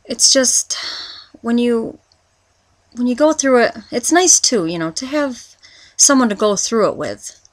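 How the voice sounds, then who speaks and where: A woman in her twenties talking through a confessional personal vlog, rambling and halting, with many restarts as she searches for words. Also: fairly high pitch, big pitch swings, no room sound. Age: 20s. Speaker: vlogger.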